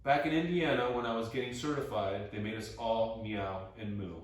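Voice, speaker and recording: A man's voice: fairly low pitch, fairly even intonation, normal speed. A man leading a guided floor stretching class, playful and encouraging as he counts breaths and reps. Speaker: exercise instructor. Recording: roomy echo, mic at a distance.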